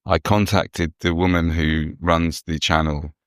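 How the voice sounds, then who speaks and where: A man's voice: sits low, flat delivery, a little slow, dry recording, clean studio sound. A man talking casually on a podcast, hesitant, restarting his sentences and stumbling over words. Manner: hesitant, full of restarts and fillers. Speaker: podcast co-host. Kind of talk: casual chat.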